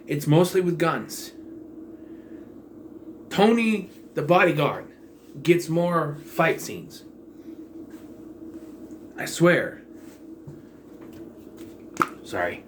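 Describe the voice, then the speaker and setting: A man's voice: on the high side, a bit bright, slight background noise. Sarcastic man reviewing a movie. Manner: sarcastic, rambling, blunt. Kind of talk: casual movie review monologue.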